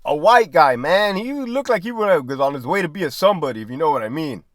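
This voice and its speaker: A man's voice: fairly high pitch, fairly quick, dry recording. A man who was a prison guard tells stories casually, swearing freely, laughing mid-sentence and tagging lines with "right?". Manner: animated, asks "right?" constantly. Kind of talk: casual storytelling.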